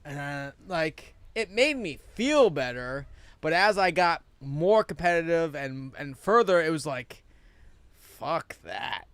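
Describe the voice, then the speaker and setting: A man's voice: fairly high pitch, lively intonation, unhurried, a bit bright, smooth, no room sound. A man hosting a podcast in casual chat, telling stories animatedly, acting out quotes and swearing freely, recorded outdoors. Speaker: podcast host.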